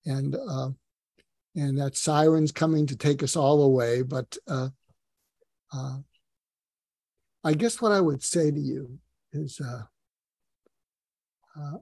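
Earnest, gravelly man sharing stories. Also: fairly high pitch, slow pace, pauses often, dark tone, no room sound. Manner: earnest, rambling, many fillers and restarts. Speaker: podcast guest. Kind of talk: casual personal storytelling.

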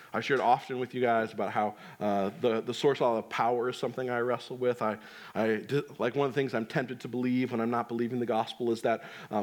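Male pastor, 30s, conversational sermon delivery, mid-range voice, often checks in with the congregation. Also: mid-range voice. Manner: conversational, frequent "right?" asides, drops softly for emphasis.

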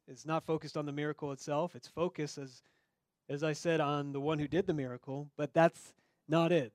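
A man's voice: fairly high pitch, no room sound, studio quality. A man preaching a sermon in a conversational way, speaking straight to his listeners and acting out the voices in the story. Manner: conversational, acts out quoted dialogue. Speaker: pastor.

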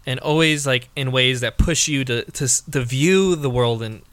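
A man talks through a video game in a relaxed podcast chat, his voice at a middling pitch. He hesitates a lot, pausing on fillers and restarting his thoughts. The sound is dry and close, with no room around it. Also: no echo. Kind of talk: casual video game discussion.

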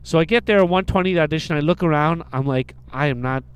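A man in casual comedic chat, telling a story with animated energy and acting out the voices of the people in it. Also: a little high, fast talker, clear, resonant tone. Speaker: storyteller co-host.

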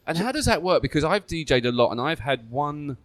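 A man's voice: fairly high pitch, very animated, a little fast, no room sound. A man hosting a casual chat, joking and leading the questions. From Essex, England. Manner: chatty, joking, leads the questions. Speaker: podcast host.

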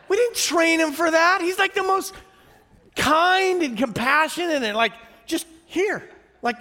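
A middle-aged man preaching a sermon, telling stories in a lively way, chuckling often and asking the audience questions. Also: extremely high pitch, measured pace. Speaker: pastor. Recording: reverberant hall.

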